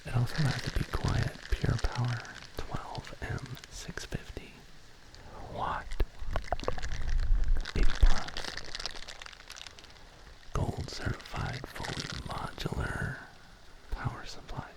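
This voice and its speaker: A man whispering softly and slowly as an ASMR streamer, drawing out his words in a close-miked booth. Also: mid-range voice, completely flat delivery, poor audio. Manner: slow, soft whispering with drawn-out words. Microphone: close studio microphone in a sound booth.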